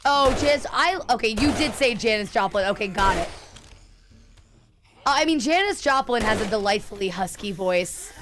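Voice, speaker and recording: A woman's voice: fairly high pitch, lively intonation, normal speed, background noise. A young woman streaming a game, chatting casually and answering her viewers as she plays. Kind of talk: casual live-stream chat while gaming.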